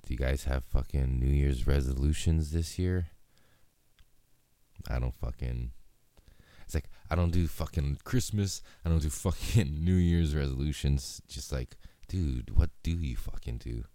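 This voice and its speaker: A man's voice: a bass voice, measured pace, warm tone, dry recording. A young man hosting a solo podcast, talking in a laid-back, rambling way and swearing constantly. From Hawaii. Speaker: podcast host. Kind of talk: casual solo podcast chat.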